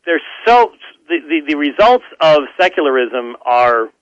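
A man's voice: on the high side, sing-song, a little slow, no room sound, dull audio. A man answering a listener question on a radio show, with many fillers and restarts. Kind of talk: unscripted radio talk.

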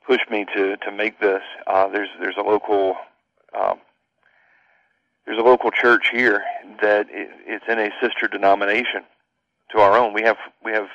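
A man speaking as a guest in a radio interview, casual and quick-talking. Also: lowish voice, fairly bright tone, no room sound. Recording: dull lo-fi radio sound.

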